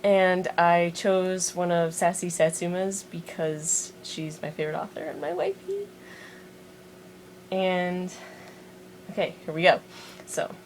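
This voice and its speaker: A woman with a lowish voice and a Montana accent talks through an accent challenge on her vlog, reading words off a list and tossing in self-deprecating asides. She records on the small built-in mic of a handheld device, with a faint hiss underneath. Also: poor audio. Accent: American, Montana. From Montana, USA. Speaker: vlogger doing an accent challenge. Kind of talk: casual chat and reading a word list aloud. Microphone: built-in mic of a handheld music player.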